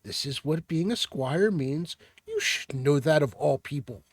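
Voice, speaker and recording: A man voices a loyal young squire in a tabletop role-play. He talks in halting, stammering bursts, slightly high-pitched. The sound is dry and close. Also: animated, no room sound. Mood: earnest. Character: earnest young male squire, dutiful and loyal.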